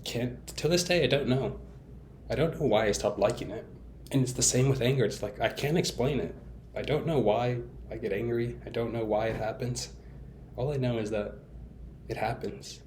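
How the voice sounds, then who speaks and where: A man's voice: medium pitch, normal speed, a little mellow, slight background noise. A young man talking candidly and at length in a casual vlog monologue, rambling with fillers and restarts and poking fun at himself. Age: young adult. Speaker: vlogger.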